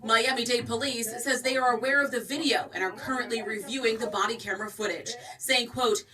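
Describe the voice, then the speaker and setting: A woman news reporter reading a report in a measured, formal way. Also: a little high, fairly even intonation. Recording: distant TV news clip with crowd noise.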